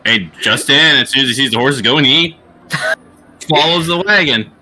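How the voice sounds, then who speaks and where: A man's voice: mid-range voice, unhurried, sharp tone, a little hiss or hum. A man narrating as game master in loose, vivid style, throwing in sound effects.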